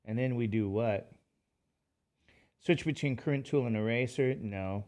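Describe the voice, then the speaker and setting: In an unhurried, mid-range voice with a darkish tone, a sleepy, tired middle-aged man delivers a casual math lecture. He rambles and adds chatty remarks poking fun at himself.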